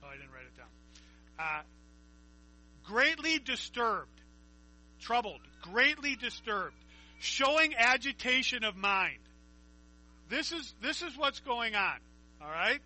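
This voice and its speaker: A man's voice: very high-pitched, big pitch swings, slow pace, long pauses, bright, forceful tone, poor audio. A man preaching a conversational Bible teaching, reading scripture aloud and asking his listeners questions.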